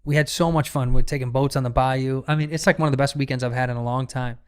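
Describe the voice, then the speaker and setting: A man, a comedian guest on a podcast, telling a profane, animated story in casual chat with many restarts. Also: medium pitch, fast, clear, resonant tone.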